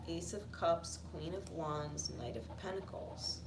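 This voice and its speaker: A woman giving a casual tarot reading, blunt and profane, swinging into animated outbursts. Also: fairly low pitch, measured pace, few pauses, far from the mic. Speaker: tarot reader. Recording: echoey room with noise.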